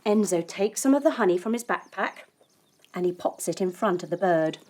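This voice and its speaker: A woman's voice: lowish voice, animated, moderate pace, a little mellow. A woman leading a children's yoga lesson as a story, playful and encouraging. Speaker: kids' yoga teacher.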